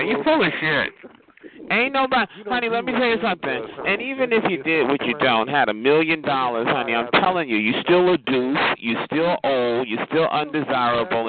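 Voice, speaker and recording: A man hosting a voice chat, flamboyantly mocking and roasting someone, calling him honey and child. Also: mid-range voice. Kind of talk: trash-talking roast in a voice chat. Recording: tinny phone-like audio with crowd chatter.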